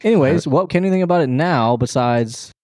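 A man's voice: fairly high pitch, expressive, fast talker, a little mellow, no echo, studio quality. A man co-hosting a casual college football podcast from home, playful and teasing, bragging about his picks. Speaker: podcast co-host. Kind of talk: casual sports podcast chat. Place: at home, leaking kitchen ceiling.

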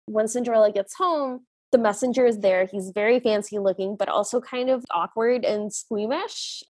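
Husky, higher-pitched woman podcaster. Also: normal speed, a little mellow, no room sound. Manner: chatty, giggly, acts out scenes. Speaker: podcast co-host. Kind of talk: casual chat recapping a film.

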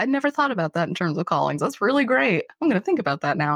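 A woman's voice: mid-range voice, sing-song, racing, fairly bright tone, husky, no echo. A woman hosting a casual religious podcast, chatty and self-deprecating, often laughing as she talks. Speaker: podcast host.

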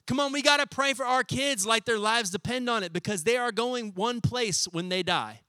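Young man, pastor, sermon, high voice, bright, animated, conversational. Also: dry recording. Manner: animated, conversational, acts out scenes in quick voices.

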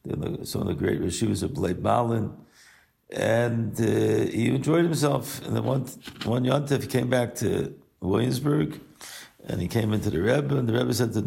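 An older man, a rabbi, recording an unhurried personal message and story, weaving Hebrew and Yiddish terms into his English. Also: fairly low pitch, creaky, a little mellow. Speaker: rabbi and yeshiva teacher.

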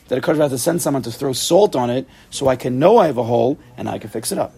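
A man leading an informal Torah class, animated and playful, full of rhetorical questions. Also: medium pitch, racing, gravelly, hardly any pauses, breathy edge.

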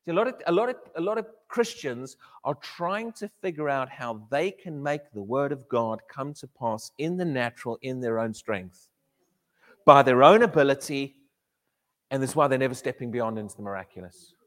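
A man preaching a sermon in an animated way, often repeating his words and acting out quotes. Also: medium pitch, moderate pace. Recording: echoey hall reverb.

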